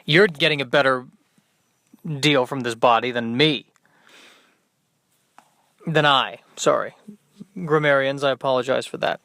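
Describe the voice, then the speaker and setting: A man hosting a solo podcast, rambling through deadpan, self-deprecating asides. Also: mid-range voice, measured pace, long pauses, dry recording. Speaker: podcast host. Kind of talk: solo comedic monologue.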